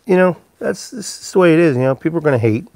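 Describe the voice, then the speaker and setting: Working in his shop during a laid-back live stream, this pipe maker talks fast in a fairly high, gravelly voice with a darkish tone and lively intonation. He rambles in an easygoing way and calls out chat viewers by name. There's no room sound.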